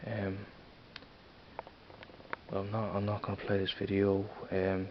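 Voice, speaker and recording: In a casual rambling vlog, an Irishman from Dublin talks to camera unhurriedly in a deep, monotone voice, hesitating often and filling gaps with fillers and restarts. The camera mic's dull lo-fi recording carries a faint hiss.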